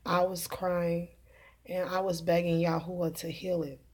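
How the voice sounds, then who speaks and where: A woman's voice: lowish voice, monotone, a little slow. Laughing, rambling woman. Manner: rambling, earnest, laughs often, many fillers. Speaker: religious video host. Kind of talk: casual spoken testimony to camera.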